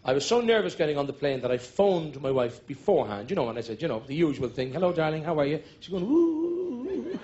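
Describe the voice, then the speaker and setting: A man's voice: on the high side, lively intonation, fast, hardly any pauses, darkish tone. A man with a Dublin accent doing live stand-up, telling jokes as stories and breaking into snatches of song. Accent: Irish, Dublin. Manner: jokey storyteller, sings snatches of songs. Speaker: stand-up comedian. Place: stage before a live audience. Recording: dull live recording with music and audience.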